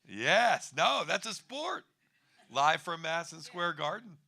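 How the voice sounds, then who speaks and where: A man's voice: fairly high pitch, very animated, slow, pushed and bright. A man in his fifties doing a stand-up comedy set on a bar stage, wry and rambling, chuckling at his own jokes.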